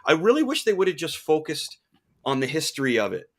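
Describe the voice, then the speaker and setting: A man hosting a casual chat, enthusiastic and quick to laugh. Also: fairly high pitch, huge pitch swings. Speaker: host.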